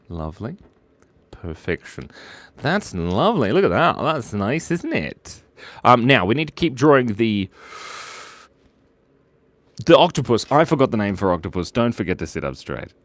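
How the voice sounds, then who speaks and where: Playful male animator host, very lively pitch, dry close sound. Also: measured pace, long pauses, no room sound. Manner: playful, giggly, silly asides. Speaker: animator hosting a drawing livestream. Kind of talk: live drawing stream, chatting with viewers.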